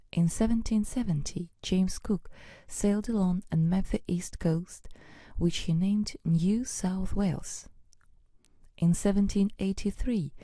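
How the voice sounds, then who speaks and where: A woman reads a scripted educational lesson, steady and explanatory. Her voice sits low and mellow. The recording is dry and close. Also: no room sound. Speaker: narrator.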